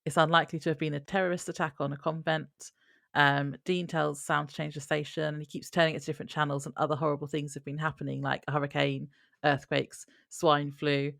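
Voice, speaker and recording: A woman's voice: low-pitched, flat delivery, fast talker, vocal fry, a bit bright, no room sound, studio quality. A woman co-hosting a podcast, recapping a TV episode in easygoing, giggly chat. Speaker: podcast co-host.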